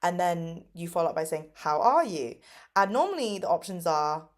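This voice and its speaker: A young woman in her twenties from England tells stories to her phone camera in a relaxed, chatty way. She fills her talk with "like" and "um", and her voice sits a little low for a woman. Now and then she jumps up high to mimic someone. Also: a little fast. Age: 20s. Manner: upbeat, lots of fillers, acts out kids' voices with big pitch jumps. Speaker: English teacher vlogger. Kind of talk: casual chatty storytelling.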